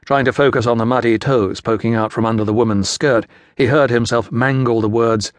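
A man narrating a historical novel as an audiobook in a measured, even storytelling manner. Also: medium pitch, dry recording. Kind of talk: scripted narration. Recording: dry studio audiobook.

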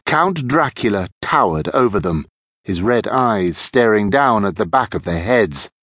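A man narrating a children's audiobook with expressive storytelling. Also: on the low side, a little slow, no room sound, studio quality.

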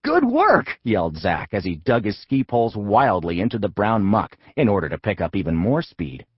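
A man reads a comic children's audiobook with a slightly husky voice. His pitch is animated and playful as he tells the story. The recording is dry and a bit dull. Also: normal speed, no room sound. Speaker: audiobook narrator. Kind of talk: comic kids' audiobook narration.

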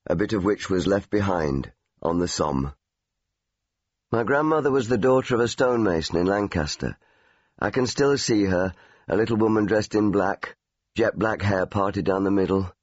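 An older Englishman reads his memoir aloud in a wry, storytelling manner. His voice is low and slightly husky. The studio sound is dry and a little dull. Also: dry recording. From England. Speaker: memoir narrator. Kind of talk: audiobook memoir reading.

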